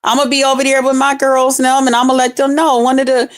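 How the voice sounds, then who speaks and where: A woman's voice: high-pitched, little pitch movement, fast talker. Scornful woman ranting, cursing nonstop. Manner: heavy constant cursing, scornful, confrontational. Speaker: online streamer. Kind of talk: profane ranting commentary.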